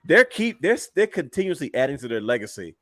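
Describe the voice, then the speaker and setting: A man co-hosting a casual wrestling talk show, telling stories with animated energy, acting out quotes and laughing often. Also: mid-range voice, fairly quick, no room sound, clean studio sound. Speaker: podcast co-host.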